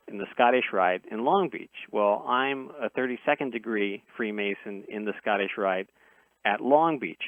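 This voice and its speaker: A man's voice: mid-range voice, dry recording. A man on a radio show tells a long first-person story in an earnest way, often breaking off and restarting phrases. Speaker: interview guest. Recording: dry tinny phone line.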